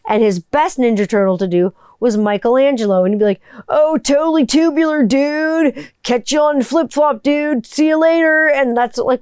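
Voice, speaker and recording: Chatty enthusiastic woman podcaster, smooth voice. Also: mid-range voice, darkish tone, no echo. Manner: chatty and enthusiastic, rambling with many restarts. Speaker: podcast host; voice-over artist. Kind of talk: casual solo podcast monologue.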